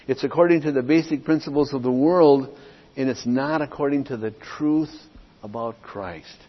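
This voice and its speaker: A man's voice: mid-range voice, normal speed. A middle-aged man preaching an expository sermon as pastor, emphatic and repetitive, often checking in with his listeners. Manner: emphatic, repeats points, checks in with "okay?". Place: church sanctuary. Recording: dull lo-fi audio with long hall reverb.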